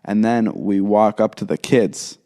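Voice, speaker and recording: A man's voice: on the low side, a little slow, warm tone. A young man co-hosting a podcast, telling a long story in casual chat, rambling and animatedly quoting the people in it. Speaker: podcast co-host.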